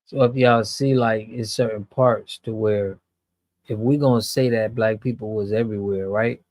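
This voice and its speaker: A man's voice: fairly low pitch, steady tone, normal speed, a little mellow, no room sound. An American man hosting, giving earnest reaction commentary with repeated restarts. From United States. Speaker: host.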